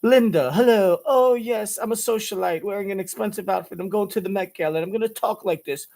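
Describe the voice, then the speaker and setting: Man voicing a haughty socialite woman, a bit higher, exaggerated mockery. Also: fairly quick, gravelly, darkish tone. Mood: mocking haughty. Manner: exaggerated, mocking delivery. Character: snooty posh socialite woman, affected and haughty.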